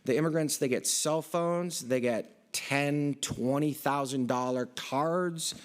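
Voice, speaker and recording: A man's voice: on the high side, slow. A middle-aged man from the area, giving a live conference presentation in a loose, rambling way full of fillers and restarts. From Boston area, United States. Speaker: conference speaker. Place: large conference hall.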